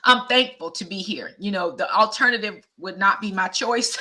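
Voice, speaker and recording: Fifties woman, vlogger, bright tone; conversational and heartfelt, speaks straight to her audience. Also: mid-range voice, normal speed. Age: 50s. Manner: heartfelt, conversational, addresses viewers directly. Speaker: vlogger and teacher. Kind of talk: candid personal vlog talk.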